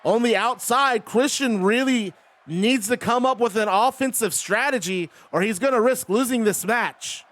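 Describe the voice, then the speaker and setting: A man's voice: very high voice, normal speed, a bit bright. A man streaming live, giving casual, chatty play-by-play on a wrestling video game.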